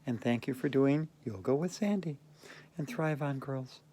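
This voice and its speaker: A woman's voice: very deep voice, normal speed, mellow, husky. A woman teaching a playful yoga routine, giggling often between her cues. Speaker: yoga instructor. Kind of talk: playful guided yoga class.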